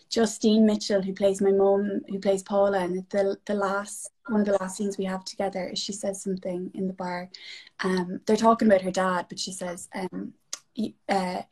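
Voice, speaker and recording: A young woman talking in a relaxed chat among fellow actors. She gushes and rambles, circling back with fillers and false starts. Her pitch sits right in the middle. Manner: effusive, rambling with many fillers and restarts. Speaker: actress guest.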